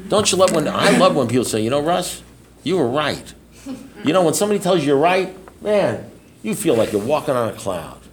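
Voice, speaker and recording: A man's voice: on the high side, sing-song, a little fast. A blunt, self-mocking middle-aged man speaking casually at a recovery meeting, rambling and often asking "you know what I mean?".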